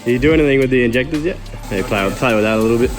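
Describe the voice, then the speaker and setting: A man hosts a casual car vlog from his home garage workshop. He sounds keen and jokey, firing off part names in quick bursts at an ordinary pitch. Music plays under him. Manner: excited, joking, rattles off parts in quick bursts. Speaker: car builder and channel host.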